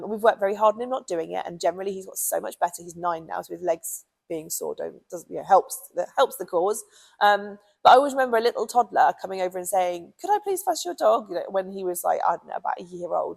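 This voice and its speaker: A British woman with a gravelly, fry-edged voice chatting casually as a dog trainer. She talks in a loose, friendly way, filling gaps with ums and you knows. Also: mid-range voice, a little mellow, rough recording. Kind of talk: casual advice talk.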